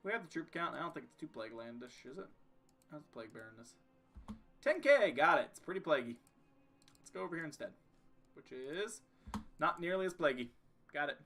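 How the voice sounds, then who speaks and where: A man's voice: fairly high pitch, expressive, a little fast, pauses often, bright, forceful tone, faint music behind. A young man casually commenting on his strategy game as he plays, joking and talking to himself and the game. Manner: jokey, talks to himself and the game. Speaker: streamer playing a strategy game.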